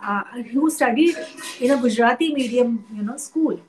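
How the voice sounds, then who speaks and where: A woman with an Indian English accent, an art historian and teacher, speaking thoughtfully in an interview with many pauses and fillers. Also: a little high, rough recording. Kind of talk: interview conversation.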